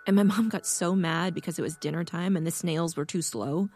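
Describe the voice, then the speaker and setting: A woman voicing a sad, tender young woman who speaks quietly. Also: lowish voice, brisk, faint music behind, close to an everyday voice. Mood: gentle.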